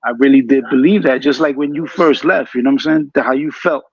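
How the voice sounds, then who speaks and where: A man's voice: mid-range voice, fairly quick. A man talking as a guest in a casual, laid-back way. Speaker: guest, former member. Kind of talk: casual conversation. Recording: dull lo-fi audio.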